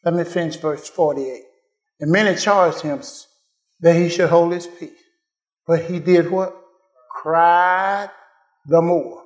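A man preaching a sermon, swinging from shouted, sung-out cries down to low murmurs and chuckling as he calls to the congregation. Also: takes it slowly, pauses often, roomy sound, lo-fi sound.

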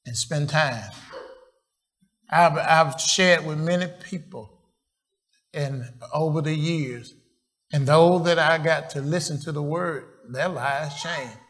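A man's voice: on the high side, a bit bright. A man preaching a sermon, quizzing the congregation with questions and often restarting his phrases. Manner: call-and-response questions to the congregation; slow, halting, repeats and restarts phrases. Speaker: pastor.

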